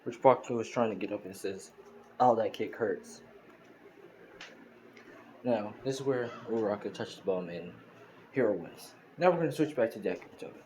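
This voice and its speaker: A man's voice: lowish voice, lively intonation, quick pace, darkish tone, slight background noise, poor audio. A man casually retelling a fan story, rambling along with many restarts and fillers.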